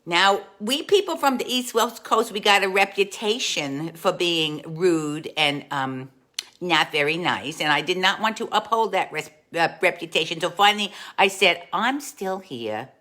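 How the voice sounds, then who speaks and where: A woman's voice: fairly low pitch, lively intonation, unhurried, bright, forceful tone. A woman playing a chatty aunt. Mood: chatty storytelling. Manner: chatty, greets viewers, calls them dolls. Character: warm chatty Italian-American aunt, jolly and gossipy. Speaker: comic host. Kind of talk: live-stream storytelling in character.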